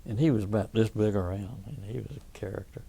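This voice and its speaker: A Southern-accented veteran in his eighties talks fast in an oral history interview, rambling through anecdotes and restarting sentences often. His lowish voice holds a steady tone and is dark and slightly rough, with vocal fry.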